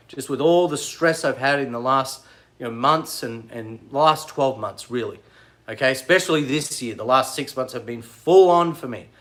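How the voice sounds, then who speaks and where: A man chatting casually on a livestream, rambling and excitable, answering commenters as he goes. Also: mid-range voice. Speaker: vlogger.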